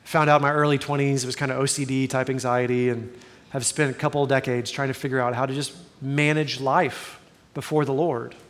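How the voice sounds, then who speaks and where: A man's voice: mid-range voice, little pitch movement, fairly quick, fairly bright tone, long reverb tail. A man in his forties preaching a sermon as a pastor, earnest and conversational with self-deprecating humor.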